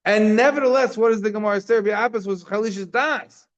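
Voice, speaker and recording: A man's voice: high-pitched, fast talker, highs cut off. A man teaching a daily Talmud class, explaining the text informally with frequent fillers and restarts.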